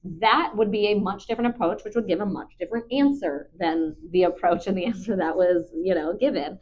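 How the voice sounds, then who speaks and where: A woman's voice: mid-range voice, a little fast, slight background noise. Patient woman talking through dog training. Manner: calm, patient, chatty with ums. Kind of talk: live dog training commentary. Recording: dull lo-fi recording.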